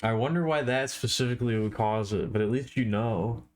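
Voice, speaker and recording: A tired man chatting casually on a live art stream, with a slow, drowsy, stoner-like drawl. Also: mid-range voice.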